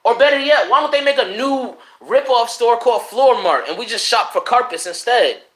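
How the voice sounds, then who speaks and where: A young livestreamer from Connecticut delivers an unfiltered, profane rant to his live chat, loose and animated, swinging between loud shouting and low mumbling. He talks at normal speed into a streaming mic, and the sound is reverberant.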